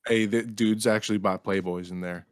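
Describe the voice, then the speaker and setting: A young man with a low voice tells laid-back, slangy work anecdotes on a casual comedy podcast. The sound is dry and close, with no room around him. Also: steady tone, a little fast, no room sound. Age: young adult. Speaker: podcast co-host. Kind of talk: casual comedic chat, storytelling.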